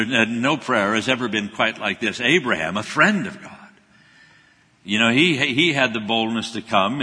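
A man delivers a sermon with a bright, husky voice. He talks earnestly, swelling with intensity and then dropping low and soft for quoted scripture. His voice rings out with a long reverb, as in a large church hall. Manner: earnest, rises in intensity then drops to hushed, humble tones for scripture quotes. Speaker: preacher.

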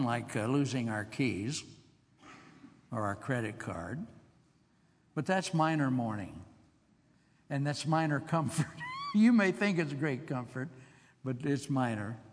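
An older man preaching a sermon in a conversational, musing way, with asides and soft chuckles. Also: medium pitch, in a large hall.

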